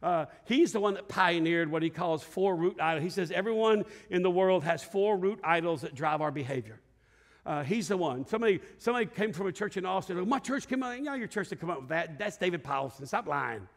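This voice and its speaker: A man's voice: high voice, a little fast, gravelly. A middle-aged male pastor preaching a sermon to a congregation in a church, telling stories with acted-out voices and asking the room to respond. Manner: lively storytelling preacher, acts out voices and shouts. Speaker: lead pastor. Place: church sanctuary before a congregation.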